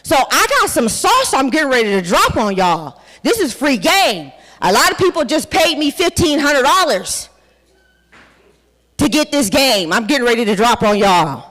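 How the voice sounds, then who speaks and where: A woman, giving a loud, rowdy motivational talk on a conference stage, cussing and hyping the crowd. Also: sits high, sing-song, moderate pace. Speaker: conference speaker. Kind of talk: hype-style motivational talk. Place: large conference hall with music playing. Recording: hall reverb, from a stage mic.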